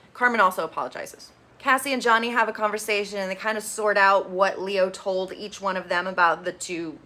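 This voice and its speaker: Woman, bright voice, opinionated recap vlogger, sarcastic and blunt. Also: mid-range voice. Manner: blunt, sarcastic, quick to mimic people.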